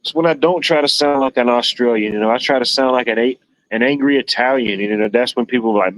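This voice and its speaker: A man's voice: medium pitch, quick pace, a bit bright, poor audio. Rambling joking male stream host. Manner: rambling, joking, lots of "you know". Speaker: livestream host. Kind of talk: casual chat.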